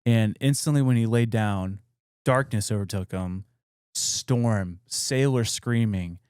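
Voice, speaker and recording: Low, mellow man telling a spooky tale. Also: slow, smooth, no room sound, clean studio sound. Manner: loose, filler-heavy retelling with quoted dialogue. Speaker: podcast co-host. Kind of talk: casual storytelling chat.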